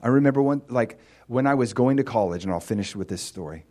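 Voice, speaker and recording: A man's voice: medium pitch, expressive, fast, darkish tone. A male pastor preaching a sermon in a conversational, storytelling way.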